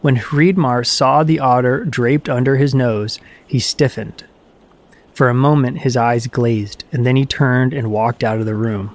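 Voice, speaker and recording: Man, audiobook myth narration, measured, even, steady storytelling. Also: mid-range voice.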